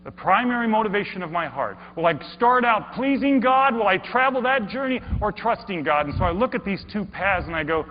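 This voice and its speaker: A man's voice: high-pitched, lively intonation, fairly quick, hardly any pauses. A man giving a dramatized storytelling talk, acting out his inner monologue with stammering repeats. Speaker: speaker. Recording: echoey hall, dull sound, mains hum.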